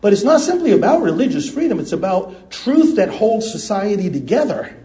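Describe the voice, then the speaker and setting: High-voiced impassioned male preacher. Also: very animated, normal speed, roomy sound. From United States. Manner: impassioned, swings between loud emphasis and quiet asides. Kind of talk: sermon.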